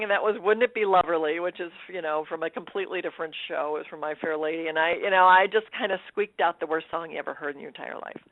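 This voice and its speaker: A woman telling her story as a radio interview guest, animated and laughing, acting out her own thoughts. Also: fairly low pitch, no room sound. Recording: dry tinny phone line.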